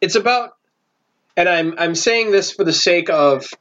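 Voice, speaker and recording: A man's voice: high-pitched, measured pace, fairly bright tone. A man narrating as game master of a tabletop game, rambling and correcting himself as he goes. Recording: dull lo-fi recording with faint hiss.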